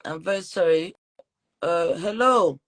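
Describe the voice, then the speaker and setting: A woman's voice: on the low side, a little slow. A woman with a French accent, a teacher hosting a live podcast interview, chatty and full of fillers and apologies. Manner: chatty, warm-hearted, apologetic, with many fillers. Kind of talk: live-streamed conversational interview.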